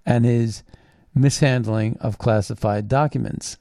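A male host delivers political commentary in a blunt, scornful, combative manner, reading out news items and then picking them apart. His voice sits at a medium pitch and is recorded dry and close, with no room sound. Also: fairly even intonation, unhurried, creaky, mellow, dry recording.

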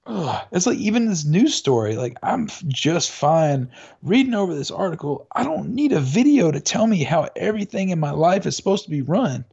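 A man's voice: a little high, big pitch swings, moderate pace, creaky, a little mellow, breathy edge. A man chatting casually as a podcast co-host, telling a rambling story full of fillers and restarts. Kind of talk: casual chat. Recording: dull lo-fi audio.

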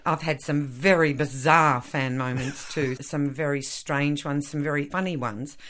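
A woman in her fifties with an Australian accent, an actress telling lively stories in a radio interview, laughing often. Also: deep voice, measured pace. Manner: animated, laughs often, acts out quotes. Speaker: actress, guest.

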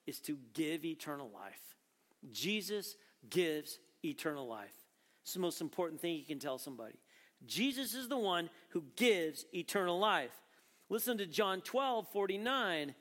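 A man's voice: high voice, fairly bright tone, long reverb tail. A man preaching a sermon as pastor, conversational and then rising to emphatic questions.

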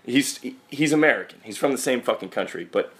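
A man's voice: medium pitch, expressive, fairly quick, fairly bright tone. A man hosting a podcast, telling a wry, profane, rambling story in casual chat. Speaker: podcast host.

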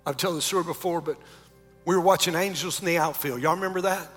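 A pastor preaching a sermon, moving between shouted calls and low, close talk. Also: male voice, quick pace, long reverb tail, soft background music. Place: large church sanctuary.

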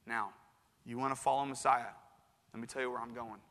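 A preacher voicing a calm, firm teacher. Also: male voice, medium pitch, a little fast, natural voice. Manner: calm, casual and slangy. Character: calm, firm male teacher Jesus, casual modern speech. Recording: long hall reverb.

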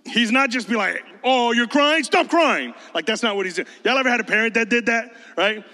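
A pastor preaches an emphatic, conversational sermon at a quick pace in a high voice with a bright, forceful edge. A long reverb makes his words ring out as if in a large hall, and he slips into mocking voices to make his points.

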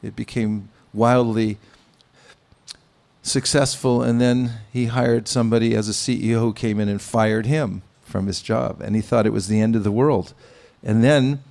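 A man giving a devotional sermon, speaking in a measured, pausing way with gentle humor. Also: lowish voice, steady tone, vocal fry. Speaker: spiritual teacher. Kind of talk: sermon with anecdotes.

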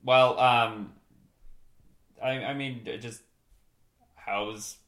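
A man improvising comedy as a bumbling, deadpan handyman host. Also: mid-range voice, drawn-out words, echoey room.

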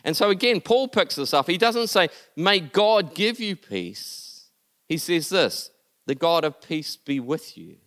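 A man preaching a sermon in an earnest way, building to emphatic peaks and then dropping soft and low. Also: big pitch swings, unhurried. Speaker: pastor.

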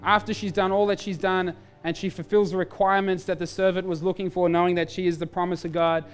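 Male pastor, lively sermon storytelling, faint music underneath. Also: high voice, smooth. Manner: animated storytelling, quick asides.

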